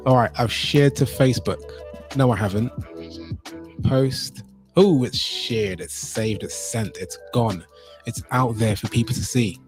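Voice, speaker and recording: A man's voice: mid-range voice, a little slow, darkish tone, faint music behind. Upbeat man chatting on a home livestream. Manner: upbeat, chatty, repeats greetings to viewers. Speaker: livestream host. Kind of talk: casual livestream chat.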